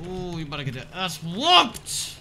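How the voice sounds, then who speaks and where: A young man streaming live, chatting with his viewers in a joking, sarcastic way and swearing often as he swings between mutters and shouts. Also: high-pitched, huge pitch swings, a little slow, a little hiss or hum. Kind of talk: casual live-stream chat, answering viewers. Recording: game stream with clear background music.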